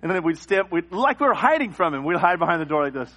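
Male preacher, middle-aged, slightly high voice, animated storyteller, sermon delivery. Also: quick pace. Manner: animated storytelling, acts out scenes and cries. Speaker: pastor. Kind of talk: sermon with personal stories.

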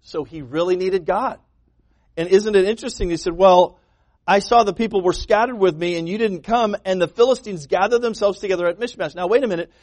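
Male pastor, high tenor, emphatic sermon delivery, dry close recording. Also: fairly quick, darkish tone, no room sound. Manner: emphatic preaching, acts out quoted voices, repeats words.

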